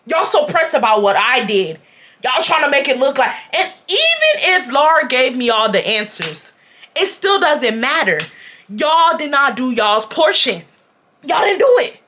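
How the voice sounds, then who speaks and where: A young woman in her twenties from Houston, speaking, telling a storytime to viewers in a blunt, profane, animated way. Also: high-pitched. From Houston, Texas. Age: 20s. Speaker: vlogger.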